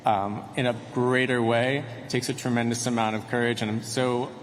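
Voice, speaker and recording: A man's voice: mid-range voice, little pitch movement, moderate pace. A man who runs a restaurant giving an earnest acceptance speech, with some restarts. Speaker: restaurant owner accepting an award. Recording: reverberant hall with faint noise.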